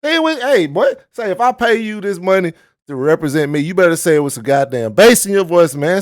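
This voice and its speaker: A man's voice: high-pitched, sing-song, fairly quick, dry recording, clean studio sound. A man hosting a reaction video, heckling a clip in profane, slangy casual commentary. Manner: profane, heckling, mock-lecturing; dialect-heavy casual slang.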